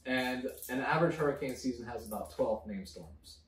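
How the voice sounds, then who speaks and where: A man's voice: medium pitch, normal speed, echoey room, recorded from a distance, low-quality recording. A man co-hosting a casual drinking chat, ranting and swearing as he talks. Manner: profane, ranting. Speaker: podcast co-host.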